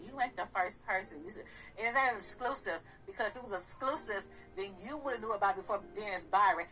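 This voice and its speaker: Brief: female gossip host, bright, a little raspy, sassy and profane, faint music behind. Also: medium pitch, animated, fast, poor audio. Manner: sassy, blunt, profane ranting. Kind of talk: casual commentary.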